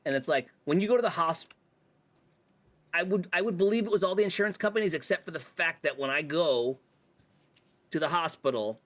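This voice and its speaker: A man's voice: a little high, lively intonation, a little fast, pauses often, a bit bright. A man in casual chat with friends, blunt and swearing when indignant.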